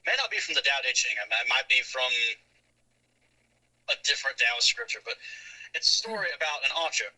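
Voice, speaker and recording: Young southern guy rambling thoughtfully about the mind, super bright sound. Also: medium pitch, sing-song, brisk, long pauses, poor audio. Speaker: podcast guest. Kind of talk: casual philosophical chat.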